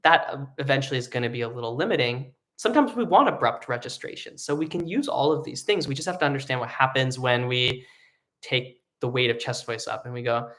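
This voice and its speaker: A man teaching a live online singing lesson, explaining in a relaxed way with lots of ums and likes. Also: medium pitch, a little fast. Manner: relaxed explaining with many fillers, breaking into sung vocal demos.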